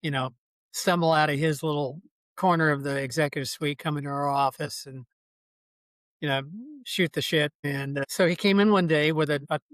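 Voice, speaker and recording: A man's voice: a little high, fairly bright tone, no echo. An older man, a podcast guest, telling long casual anecdotes full of asides. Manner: rambling, folksy anecdotes with many asides. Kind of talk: casual storytelling.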